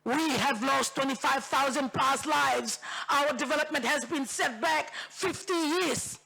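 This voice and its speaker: Bougainville woman MP giving a fired-up speech in parliament, gravelly forceful voice, hammers lines over and over. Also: high voice, a little slow. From Bougainville, Papua New Guinea. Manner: impassioned, emphatic, repeats phrases for force; switches into Tok Pisin phrases. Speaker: member of parliament. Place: parliament chamber.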